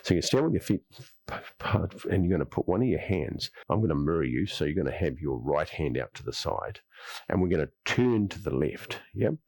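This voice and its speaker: A man's voice: sits low, sing-song, brisk, vocal fry, darkish tone, no echo. A man teaching a qigong class, guiding breathing and moves, then rambling through his own theories and often saying "yep". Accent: Australian. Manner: rambling, repeats words, says "yep" often. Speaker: qigong instructor. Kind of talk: guided exercise class with talk.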